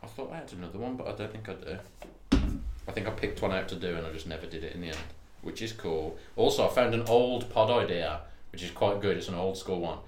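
A man's voice: sits low, fast, a little mellow. A man co-hosting a casual, sweary podcast chat, laughing often between his banter. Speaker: podcast co-host. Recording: echoey room, faint noise.

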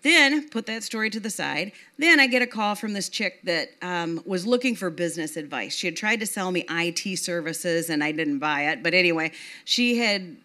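A woman who runs a nonprofit, telling a story in a lively way and acting out what other people said. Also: lowish voice, moderate pace. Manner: animated, acts out other people's lines in dialogue. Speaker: nonprofit leader. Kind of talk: storytelling talk.

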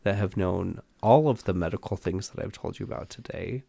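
A man's voice: deep voice, fairly quick, creaky, mellow, no echo. A man co-hosting a podcast, chatting casually with his best friend in a wry but earnest way. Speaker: podcast co-host. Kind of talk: casual chat between friends.

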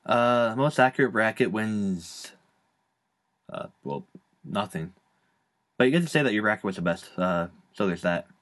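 A young man hosting a casual fantasy football podcast, relaxed and joking, with lots of fillers. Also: lowish voice, moderate pace, long pauses. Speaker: podcast host.

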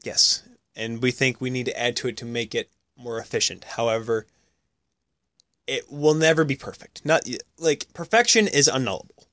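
A man's voice: mid-range voice, normal speed, no echo. A man co-hosting a podcast, chatting and arguing casually about hockey, joking and interrupting. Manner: animated, jokey, argues and cuts in. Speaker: podcast co-host.

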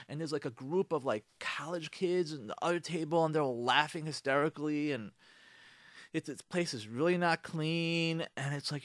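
A man spins a comic story, addressing the listener as "you" and slipping into the voices of the people in it. His voice sits a little high and moves freely. The sound is dry and close, as in a radio studio. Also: no room sound. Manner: animated, second-person storytelling, acts out lines. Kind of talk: storytelling comedy bit.

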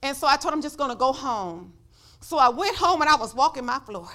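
A woman pastor preaching a sermon in church, telling a personal story and building up to shouts of praise. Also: sits high, lively intonation, fairly quick.

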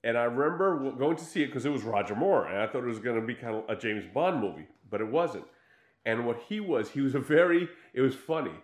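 A man in casual chat who chimes in often and reacts with laughter. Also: mid-range voice. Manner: lively listener, quick to laugh and chime in. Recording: roomy echo.

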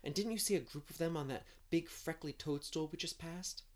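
A man's voice: fairly high pitch, a little fast, voice pushed up, natural voice. A man reading aloud and voicing Anne, an imaginative, eager young girl who talks in a rush of romantic fancy. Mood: hushed dramatic.

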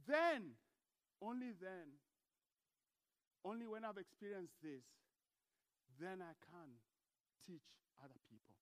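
A male pastor preaching a sermon, shifting between hushed, earnest passages and loud, emphatic ones. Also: sits high, lively intonation, slow pace, pauses often.

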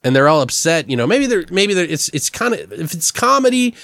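A man's voice: high-pitched, very animated, fairly quick, fairly bright tone, no echo, clean studio sound. A man in casual conversation, brainstorming a story plot and rambling with lots of "like" and restarts.

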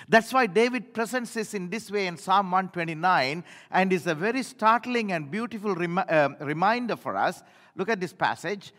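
Older male pastor, high animated voice, reverberant sanctuary, story-driven sermon. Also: normal speed. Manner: storytelling, swinging from loud to hushed. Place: church.

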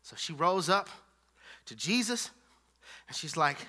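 A man's voice: fairly high pitch, expressive, unhurried, pauses often, pushed and bright. A male preacher delivering a sermon in an emphatic, repetitive style. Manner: emphatic, repetitive preaching with a call-and-response feel.

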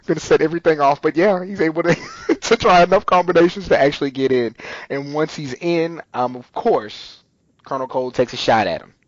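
A man's voice: fairly high pitch, a little fast, dry recording. Male podcast co-host, rambling casual recap, dry and a bit muffled. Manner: rambling, many ums and restarts. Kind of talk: casual chat recapping a TV episode.

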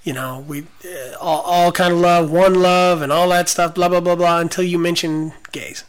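A man's voice: high voice, fairly even intonation, normal speed, a little hiss or hum. A man hosting a podcast in casual chat, rambling with many fillers. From Los Angeles area. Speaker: podcast host.

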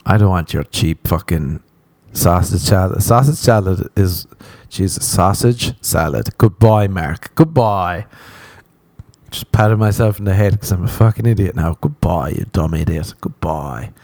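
A man's voice: low-pitched, a little slow, vocal fry, darkish tone, no echo. A man hosting a casual solo podcast, rambling, swearing and mocking himself, often laughing. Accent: non-American. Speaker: podcast host.

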